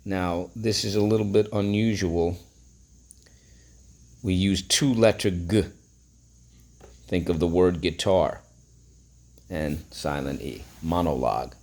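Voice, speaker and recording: A man's voice: sits low, slow pace, pauses often, darkish tone. A man teaching a phonics lesson, breaking words into syllables and prompting listeners to repeat.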